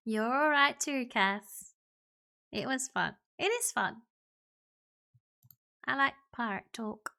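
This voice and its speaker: Woman streamer, slow bright delivery, reads a story game aloud, playful pirate brogue, chats with viewers. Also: fairly high pitch, gravelly. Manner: chatty, laughs often, talks to her pet and chat. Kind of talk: live game playthrough with voiced characters.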